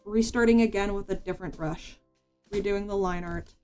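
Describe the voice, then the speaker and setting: A woman's voice: mid-range voice, fairly even intonation, normal speed, dark tone, faint music behind. Rambling woman streamer chatting while drawing. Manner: rambling, full of "like" and restarts. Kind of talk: casual chat while drawing.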